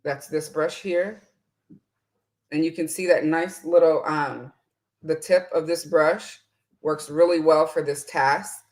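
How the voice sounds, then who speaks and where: Chatty, slow-talking woman doing her makeup. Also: low-pitched, steady tone, a little mellow. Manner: chatty, reads viewer comments aloud, laughs often. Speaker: beauty vlogger. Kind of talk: casual makeup tutorial chat.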